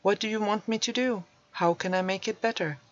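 Brief: woman reading a calm, humble old man in a storybook, near her own voice, muffled and dry. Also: medium pitch, fairly quick, dry recording, close to an everyday voice. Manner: peaceful, humble and soft-spoken. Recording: dull dry recording.

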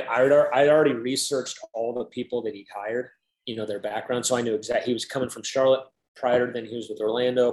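A man in his thirties, a guest in an interview, casually tells a long story, peppering it with "like" and acting out quoted dialogue. His voice is medium-pitched, and the recording is rough, in an echoey room.

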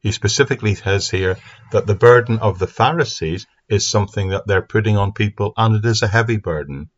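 Low-voiced man teaching the Bible. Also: fairly quick. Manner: earnest, steady explaining. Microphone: speaking into a mic. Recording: dull lo-fi sound.

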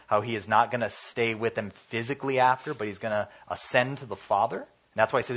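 A man's voice: on the low side, fairly bright tone. A man preaching a casual, conversational sermon, often acting out what people say and filling his talk with "you know". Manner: conversational, acts out quoted voices, many fillers.

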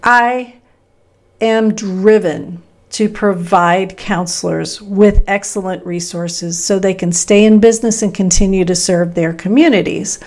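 A middle-aged woman from Texas with a Midwestern American accent, hosting a solo podcast in an upbeat, conversational way with emphatic pauses. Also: mid-range voice, fairly even intonation, darkish tone. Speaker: podcast host.

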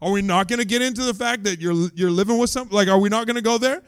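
A man doing an angry, confrontational accuser who raises his voice and talks fast. He pushes question after question in a high, loud tone. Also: clear, resonant tone, no room sound, clean studio sound. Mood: accusatory.

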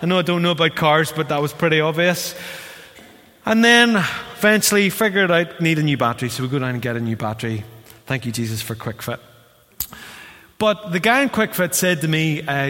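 A man preaching a sermon as pastor, an animated storyteller who acts out voices. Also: on the high side, a little fast. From Northern Ireland. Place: church hall. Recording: long hall reverb.

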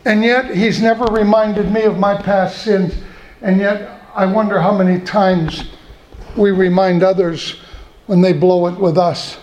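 A middle-aged man preaching a sermon in a folksy way, slowing down to repeat key points. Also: high voice, fairly even intonation, darkish tone. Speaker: pastor. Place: church. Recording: echoey church room.

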